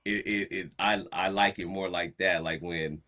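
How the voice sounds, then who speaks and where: A man's voice: sits low, steady tone, moderate pace, sharp tone. A man chatting casually as a podcast host, rambling with many restarts, laughing and acting out quotes. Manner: rambling, stop-start, laughs often, acts out quotes. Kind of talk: casual chat.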